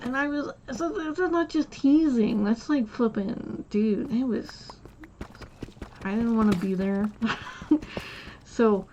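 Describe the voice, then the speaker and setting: A woman's voice: on the high side, slow pace, pauses often, darkish tone, highs cut off, a little hiss or hum. A woman streamer telling a long childhood story in a casual, rambling way, with many restarts and quoted voices. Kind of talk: casual storytelling while gaming.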